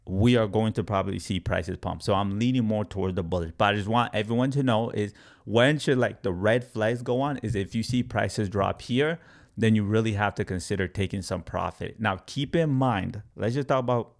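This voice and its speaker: Male crypto commentator, lowish voice, energetic, repeats his points, casual delivery. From Canada. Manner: energetic, repeats points, acts out panicking traders. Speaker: crypto YouTuber.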